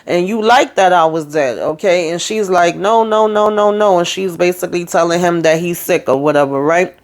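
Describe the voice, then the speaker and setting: A woman's voice: lowish voice, brisk. Woman, sassy chatty recap host, casual retelling, talks straight to viewers.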